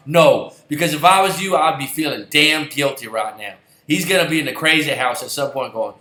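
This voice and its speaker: A man's voice: fairly high pitch, fairly quick, hardly any pauses, pushed and bright. A man and football fan ranting in a heated, sarcastic way, swearing and repeating himself. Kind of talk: angry ranting vlog. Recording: roomy echoey recording.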